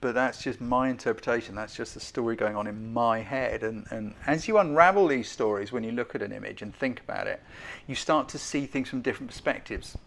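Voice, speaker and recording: Chatty male host judging photos on a live stream, self-deprecating, mid-pitched, keeps asking the audience. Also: fairly quick, creaky, few pauses, fairly bright tone. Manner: self-deprecating, hedging critic. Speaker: host giving photo feedback.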